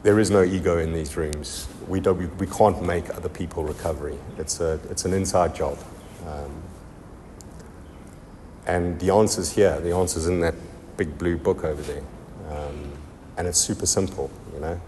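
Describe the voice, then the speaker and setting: A man telling his recovery story in a halting, heartfelt testimony full of pauses and restarts. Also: low-pitched, steady tone, a little mellow, big-room sound, slight background noise. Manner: halting, many ums and restarts. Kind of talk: personal testimony.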